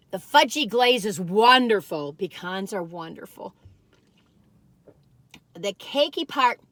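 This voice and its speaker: A woman's voice: on the high side, fairly bright tone, dry recording. A woman reviewing cookies in a chatty, folksy vlog, often calling her viewers "you all". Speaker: food review vlogger.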